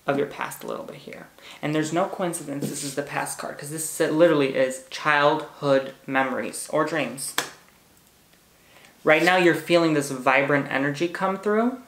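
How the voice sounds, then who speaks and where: A man's voice: a little high, unhurried, pauses often, a bit bright, reverberant. A man giving a pick-a-card tarot reading, bubbly and hyper, gushing and repeating words. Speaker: tarot reader.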